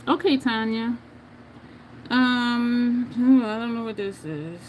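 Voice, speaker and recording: A woman chats casually on a livestream while doing her makeup, laughing often and reading viewer comments out loud. Her voice is fairly high and unhurried, and a faint hiss or hum sits under the audio.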